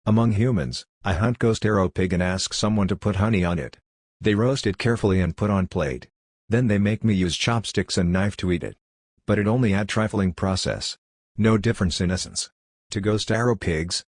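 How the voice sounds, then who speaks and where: A man voicing a blunt, ruthless girl raised by ghost leopards, speaking in flat, matter-of-fact broken English. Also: low-pitched, moderate pace, dry recording, clean studio sound. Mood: calm. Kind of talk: audiobook character voice.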